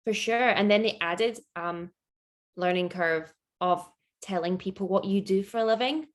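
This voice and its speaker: A woman's voice: mid-range voice, moderate pace. A woman with a Scottish accent, talking as a guest in a casual interview, laughing often and filling her speech with "like". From Scotland. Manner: chatty, laughs often, many "like" fillers.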